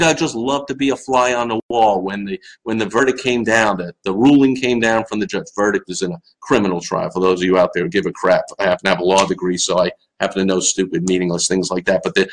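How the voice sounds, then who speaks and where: A man's voice: fairly low pitch, low-quality recording. A middle-aged man with a Long Island New York accent, hosting a live-stream show, ranting sarcastically and answering viewers' comments. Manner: animated, sarcastic, swings into loud mocking asides.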